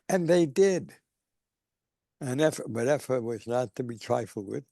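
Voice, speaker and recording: A man's voice: mid-range voice, lively intonation, unhurried, vocal fry, pauses often, mellow, dry recording, clean studio sound. An older man, a guest on a video call, telling anecdotes and acting out the people in them. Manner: acts out quoted people while telling stories. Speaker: guest speaker. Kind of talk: anecdotal storytelling.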